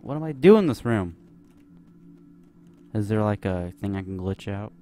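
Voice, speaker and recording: A man's voice: lowish voice, expressive, normal speed, mellow, soft background music. A young man giving nervous, rambling commentary while playing a horror game, full of fillers. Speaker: gameplay commentator. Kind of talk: let's play commentary.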